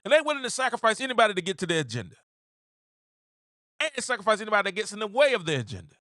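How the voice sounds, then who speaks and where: Man, podcast host, high lively voice, repeats himself for emphasis, casual commentary. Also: very fast, dry recording, studio quality. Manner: animated, repeats phrases for emphasis, acts out quotes.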